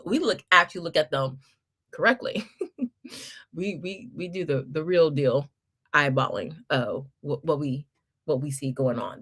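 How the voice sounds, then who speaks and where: A woman's voice: mid-range voice, fairly bright tone. Chatty woman hosting a homeschool livestream. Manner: chatty and encouraging, with laughs and restarts; Southern-style address to viewers. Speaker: homeschool channel host. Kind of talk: casual livestream chat reading comments.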